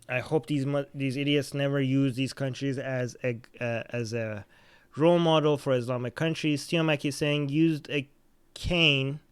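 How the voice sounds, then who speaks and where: A man's voice: fairly high pitch, a bit bright, smooth, dry recording. A man who speaks English as a second language hosts a podcast, giving blunt, profane commentary on the news and reading out viewer comments. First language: not English. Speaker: podcast host.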